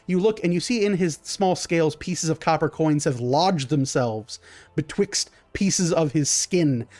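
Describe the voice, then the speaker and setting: A man's voice: on the high side, darkish tone, no room sound. A man narrating a tabletop game as game master, improvising vivid descriptions.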